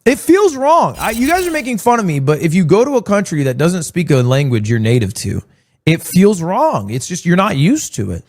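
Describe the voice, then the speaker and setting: A man's voice: fairly high pitch, fast, hardly any pauses. A young man streamer telling stories in casual chat, acting out quotes as he goes. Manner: animated storytelling with mock quotes.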